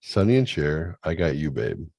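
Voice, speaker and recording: A middle-aged man hosting a crude, casual chat show, loud and laughing, often putting on high voices to mimic his kids. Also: very animated, moderate pace, vocal fry. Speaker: podcast host.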